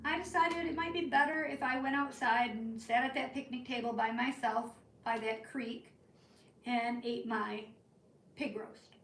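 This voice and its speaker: A woman telling a rambling story to her live chat from the northern United States, in an animated, chatty way. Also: on the high side, measured pace, a little hiss or hum. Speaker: live-stream crafting host. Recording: roomy, from a distance.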